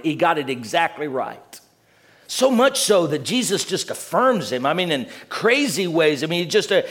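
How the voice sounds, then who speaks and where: A man preaching a sermon, earnest, repeating words as he builds each point and dropping low and quiet at the ends of phrases.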